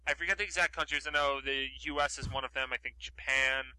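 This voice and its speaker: A man's voice: medium pitch, fairly even intonation, quick pace, pushed and bright, no room sound, poor audio. A man co-hosting a podcast in casual chat, rambling with lots of fillers. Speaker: podcast co-host.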